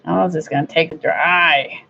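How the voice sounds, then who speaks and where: A woman's voice: low-pitched, fairly even intonation, moderate pace, vocal fry, sharp tone, husky. A woman chatting casually while she crafts, blunt and rambling, with an admittedly impatient streak. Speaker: crafter vlogger. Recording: dull lo-fi recording.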